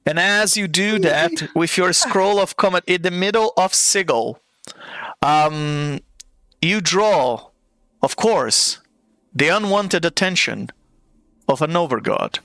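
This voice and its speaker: Slow, bright-voiced man running a game. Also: sits high, expressive, dry recording. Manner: playful, theatrical scene-setting. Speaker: game master. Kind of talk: narrating a live-play tabletop game.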